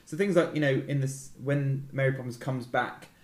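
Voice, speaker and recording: A man in his thirties, the host of a chatty film podcast, with a wry, teasing way of talking. His voice sits at an ordinary middle pitch, and it rings in a roomy space with a lot of echo. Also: steady tone. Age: 30s. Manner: wry, teasing, quick asides. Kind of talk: casual film chat.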